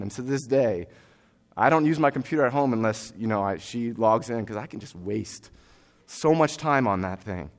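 A young man preaching a sermon, earnest and conversational with fillers, building to forceful exhortation. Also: mid-range voice, animated, normal speed.

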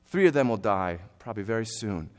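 A young man preaching a sermon, earnest and conversational with fillers, building to forceful exhortation. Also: on the low side, very animated, fairly quick.

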